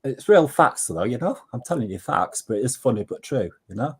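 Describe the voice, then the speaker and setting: An English man talks in a blunt, ranting way, dropping "mate" into his jokes. His voice sits at a middling pitch and sounds husky. It is casual talk. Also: sing-song, a little fast. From England. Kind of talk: casual chat.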